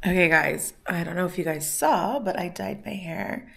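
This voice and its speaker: A woman's voice: on the low side, moderate pace, gravelly, husky. A woman vlogging casually at home, chatting and rambling with lots of fillers. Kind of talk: casual vlog chat to camera. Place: at home in her kitchen.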